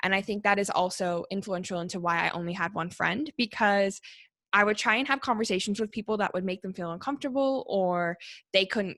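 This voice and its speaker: A woman's voice: medium pitch, a bit bright, no room sound, clean studio sound. A woman in her twenties with a Canadian accent, talking casually as a podcast guest and using "like" often. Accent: Canadian English. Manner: chatty, frequent "like" fillers. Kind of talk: casual conversation.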